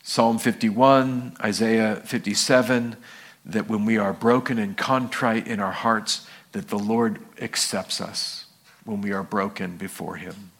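A man's voice: unhurried, creaky. A male pastor preaching a sermon, telling stories and acting out the people in them with a raised voice. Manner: animated storytelling, acts out quoted people in a high voice.

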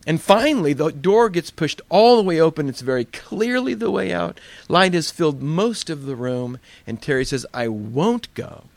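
A man's voice: a little high, expressive, normal speed, gravelly, hardly any pauses, dry recording. A man preaching a sermon as pastor, in a conversational, plainspoken storytelling way.

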